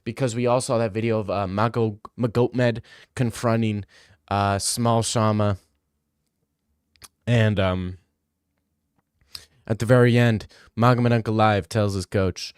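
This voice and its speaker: A man's voice: lowish voice, unhurried, clean tone, no room sound, clean studio sound. A young man talking casually as a streamer, joking and rambling with a lot of slang. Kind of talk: casual chat.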